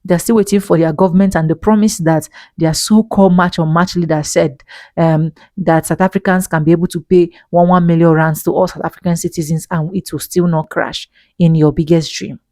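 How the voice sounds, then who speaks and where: A woman's voice: on the low side, fairly even intonation, a little fast, mellow, no echo. A woman giving an opinionated commentary monologue, indignant and emphatic, full of rhetorical questions. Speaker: vlogger commentator.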